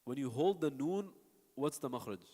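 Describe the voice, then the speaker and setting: A man's voice: mid-range voice, animated, normal speed, mellow. A man teaching a recitation class, explaining patiently and stopping to demonstrate sounds and answer students. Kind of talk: classroom teaching with spoken examples. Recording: long hall reverb.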